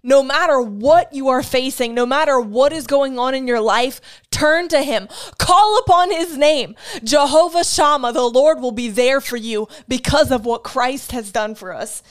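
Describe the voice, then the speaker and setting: A woman's voice: high-pitched, unhurried. A woman teaching a sermon in an earnest, emphatic way, repeating key phrases and sharing personal testimony with feeling. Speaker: Bible teacher.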